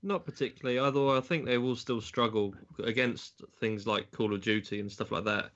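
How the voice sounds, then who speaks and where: A man's voice: mid-range voice, fairly even intonation, fairly quick, fairly bright tone. A man co-hosting a podcast in casual chat, hesitant and noncommittal. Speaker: podcast co-host. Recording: dull, lo-fi mic.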